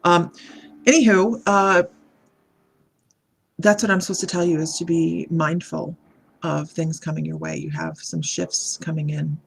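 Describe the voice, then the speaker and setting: A woman doing a live psychic reading, speaking in a halting, meandering way and greeting viewers by name as she reads their comments. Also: lowish voice, expressive, creaky, breathy edge. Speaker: psychic medium.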